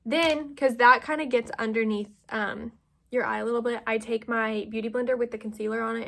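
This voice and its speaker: A woman's voice: a little high, fairly even intonation, brisk, gravelly. A young woman from the United States chatting casually through a makeup tutorial at home, full of fillers and self-deprecating asides. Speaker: vlogger.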